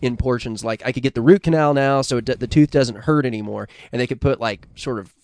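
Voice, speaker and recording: A man from the United States hosts a podcast in loose, profane chat, rambling and laughing as he tells stories. His voice is smooth and resonant. The sound is dry and close. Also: medium pitch, quick pace, darkish tone, dry recording. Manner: rambling, swearing, laughing, acting out bits. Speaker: podcast co-host. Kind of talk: casual crude chat.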